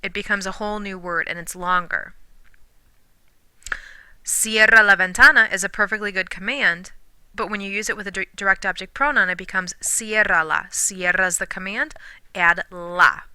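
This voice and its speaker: A woman teacher explains grammar patiently, slowing down to sound out example words. Her voice is very bright and smooth, and the recording is dry and close with no room sound. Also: medium pitch, fairly even intonation, dry recording. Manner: clear, patient explaining with slow modeled pronunciations; drops to a whisper when counting syllables. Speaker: Spanish teacher. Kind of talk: recorded classroom lesson.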